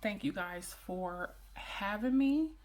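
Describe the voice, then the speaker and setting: A woman's voice: mid-range voice, lively intonation, slow, a little mellow. A woman in her thirties talking heart to heart with her viewers, prayerful and earnest, repeating phrases for emphasis. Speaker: vlogger. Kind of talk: emotional personal talk to viewers.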